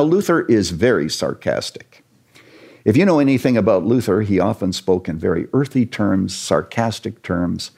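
Low gravelly man telling history. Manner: animated, earnest storyteller with jokes. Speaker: church historian guest. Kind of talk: storytelling lecture in conversation.

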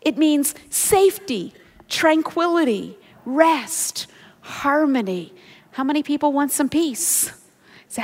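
Woman Bible teacher, high voice, sermon in a big echoing hall, earnest and animated. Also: takes it slowly. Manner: earnest and animated, with self-deprecating asides. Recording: long hall reverb.

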